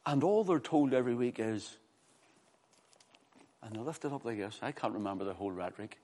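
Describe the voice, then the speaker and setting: A man preaching a sermon, animated, often repeating words as he restarts and acting out the voices of people he quotes. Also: mid-range voice, fairly quick. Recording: reverberant hall.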